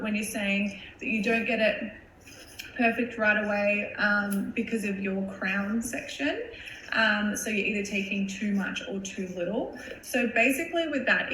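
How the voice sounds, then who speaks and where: A woman's voice: medium pitch, sharp tone. A woman hairstylist giving a chatty live-stream tutorial, explaining step by step while she works, with plenty of fillers. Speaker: hairstylist educator. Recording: roomy with faint background hum.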